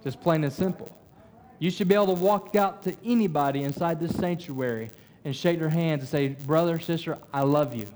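A man's voice: on the high side, a little fast, darkish tone. A middle-aged man preaching a sermon as pastor, conversational with frequent stammered restarts.

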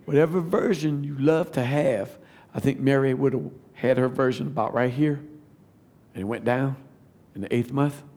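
A man, giving a testimony sermon that builds to fervent shouting. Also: mid-range voice, moderate pace. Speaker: preacher.

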